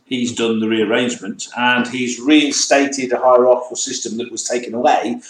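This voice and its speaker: A man's voice: medium pitch, little pitch movement, normal speed. A man co-hosting a casual motoring talk show, ranting and mocking mispronunciations in playful chat. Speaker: co-host. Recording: echoey room.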